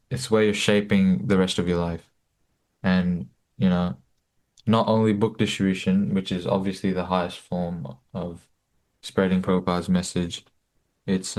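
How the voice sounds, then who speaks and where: A man's voice: sits low, a little mellow. A young man in his late teens telling a personal story casually, with many fillers and restarts. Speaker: guest, book distributor.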